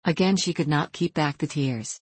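A woman narrating an audiobook story in a calm, measured way. Her voice sits very low for a woman, and the recording is dry and close with no room around it. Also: husky, no echo.

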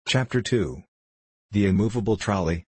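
A man reads a storybook aloud in a low, slightly husky voice. His delivery is even and unhurried, and the recording is close and dry with no room sound. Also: no echo. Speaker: audiobook reader. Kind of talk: scripted storybook narration.

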